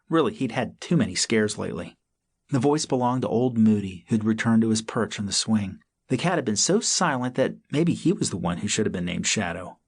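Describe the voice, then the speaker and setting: A man reads a children's story aloud in a measured, storytelling way. His voice is gravelly and a little husky, and his pitch moves in a lively way through the sentences. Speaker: audiobook narrator. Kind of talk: scripted narration of a children's story.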